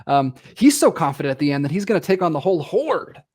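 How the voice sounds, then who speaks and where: A man's voice: fairly high pitch, sing-song, fast talker, a little mellow. A man co-hosting a film podcast, chatting casually and acting out characters' lines as he retells scenes. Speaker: podcast co-host.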